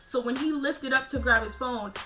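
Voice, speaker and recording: A young woman around nineteen narrates a personal story for her vlog audience. She is animated and emotional as she relives it, and her voice sits a little high. Music plays clearly behind her. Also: normal speed. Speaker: vlogger.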